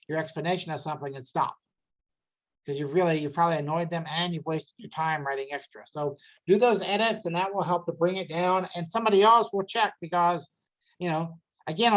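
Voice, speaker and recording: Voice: mid-range voice, lo-fi sound. A workshop presenter giving a casual talk on grant writing, conversational and full of "you know" fillers and rhetorical questions.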